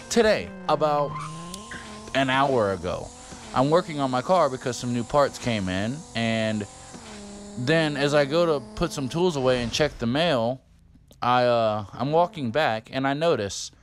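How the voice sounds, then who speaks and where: A man in his fifties tells a story for his vlog, rambling casually with lots of swearing and filler words. His voice sits in the mid-range with lively intonation and a slightly slow pace, over slight background noise.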